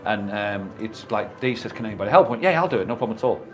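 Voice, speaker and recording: A man's voice: on the low side, animated, fast talker, soft background music. A man in his fifties co-hosting a radio show, chatting casually as a jokey storyteller who swears freely. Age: 50s. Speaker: radio co-host. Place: radio studio.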